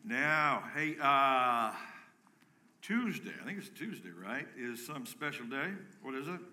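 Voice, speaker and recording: A man preaching a live sermon to his congregation, energetic and joking, rallying the room with calls and shouts. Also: mid-range voice, unhurried. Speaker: pastor. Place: church sanctuary with a congregation.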